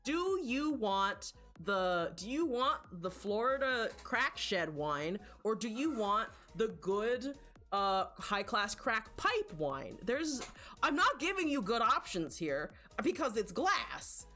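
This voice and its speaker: Animated, bright-voiced woman streamer. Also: on the high side, slow pace, soft background music. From rural Appalachia, US. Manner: rambling, profane and playful, breaks into laughter. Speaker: live streamer. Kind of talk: casual live-stream chat reading viewers.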